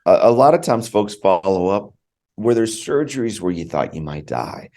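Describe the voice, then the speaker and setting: A man's voice: fairly low pitch, very animated, normal speed, dark tone. A man, a podcast guest, telling a personal story in conversation, earnest and heartfelt, often repeating words for emphasis.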